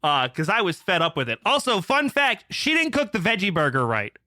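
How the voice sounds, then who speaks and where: A man's voice: high-pitched, huge pitch swings, brisk, bright, forceful tone, dry recording, clean studio sound. A man telling a heated story on a casual podcast, swearing a lot and getting fired up. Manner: profane, fired-up ranting. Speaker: podcast co-host.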